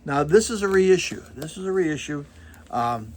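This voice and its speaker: Rambling older man, husky voice. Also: on the high side, animated, normal speed. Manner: rambling, self-deprecating, digressive with fillers. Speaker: vinyl record channel host. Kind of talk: casual chat to camera about records.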